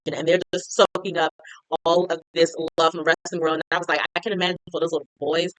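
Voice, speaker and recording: A woman's voice: on the low side, little pitch movement, fast, no echo, low-quality recording. A woman chatting casually as she recaps a TV episode, retelling scenes with lots of "like". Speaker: TV recap reviewer.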